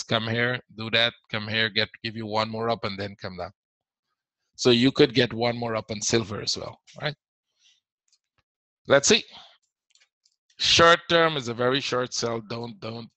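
Speaking with a fairly low, bright and forceful voice, a forex trading instructor leads a live webinar, restating his points and fielding viewer questions as he talks. There's no echo, though the recording sounds rough.

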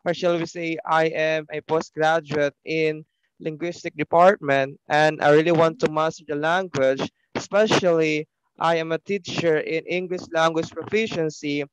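Excited man, smooth clear voice. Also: a little high, no room sound, low-quality recording. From Philippines. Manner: excited, halting, many restarts and self-corrections. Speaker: English teacher and linguistics postgraduate. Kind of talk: casual online class chat.

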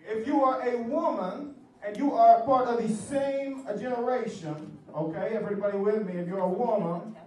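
A man putting on a Cuban accent as a loud, joking game-show host, hamming it up and mixing in Spanish. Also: sits high, close to an everyday voice. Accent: put-on Cuban. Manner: hammy, shouting to the room, mixing in Spanish. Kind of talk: comic party hosting. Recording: echoey hall from far off, faint crowd.

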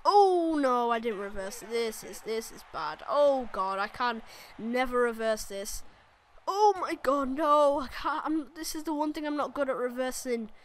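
A woman with a high voice gives let's-play commentary on a wrestling game. She is excitable, groaning and shouting at each move and swearing at her opponent. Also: measured pace. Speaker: gaming channel host.

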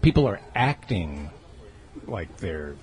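A man's voice: sits low, very animated, slow pace, a little mellow. A man hosting a casual interview, asking curious, probing questions. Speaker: podcast host.

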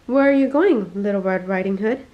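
A woman's voice: medium pitch, fairly quick, lightly acted. A woman reading the part of a sly, wicked male wolf in a storybook, coaxing and falsely sweet, on a dull lo-fi recording. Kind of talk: storybook read-aloud.

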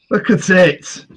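A man hosting a podcast, talking in casual, sweary, laid-back banter. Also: fairly bright tone. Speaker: podcast host.

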